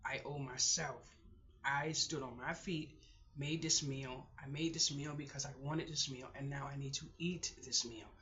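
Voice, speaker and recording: A middle-aged woman keeping a personal video diary, talking to herself in a halting voice that often sinks to a whisper while she holds back tears. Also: very deep voice, steady tone, bright, forceful tone, lo-fi sound, a little hiss or hum. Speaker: vlogger.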